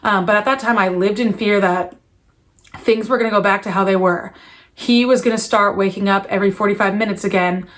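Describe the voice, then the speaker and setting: A woman's voice: mid-range voice, steady tone, brisk, fairly bright tone. Earnest young mother vlogging. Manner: candid and earnest, many fillers and restarts. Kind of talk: personal confessional vlog.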